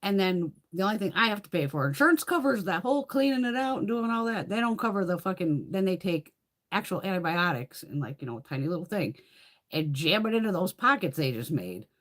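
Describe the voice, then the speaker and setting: A woman's voice: fairly low pitch, lively intonation, brisk. A woman hosting a beauty livestream, rambling casually with lots of swearing and laughter. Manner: rambling, profane, laughs often. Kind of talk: casual livestream chit-chat.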